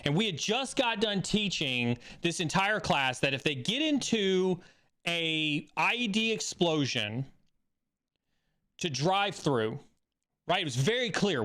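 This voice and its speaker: A man with a slightly high voice tells a story in a relaxed, talkative way. He gets animated and climbs in pitch as he acts out a tense moment. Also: slow pace. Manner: animated, rising excitedly when reenacting. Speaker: stream host. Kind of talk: casual storytelling.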